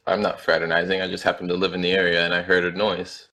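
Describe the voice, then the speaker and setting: A man as a sly smooth-talking rogue. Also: sits low, completely flat delivery, quick pace, pushed and bright. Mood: evasive. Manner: casual, evasive.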